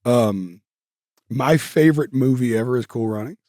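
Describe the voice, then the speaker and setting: A man's voice: mid-range voice, normal speed, a little mellow, dry recording, studio quality. A male guest telling stories in a casual interview, rambling with many fillers and restarts. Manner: rambling, filler-heavy, with self-corrections.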